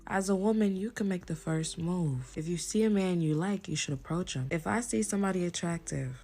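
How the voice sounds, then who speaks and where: A woman giving calm, instructive dating advice. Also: low-pitched. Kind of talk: advice clip to camera.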